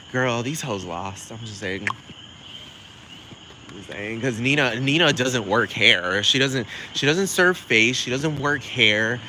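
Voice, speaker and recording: A man delivering a sassy, profane comedic rant, rambling fast with plenty of attitude. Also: mid-range voice, sharp tone, a little hiss or hum, rough recording.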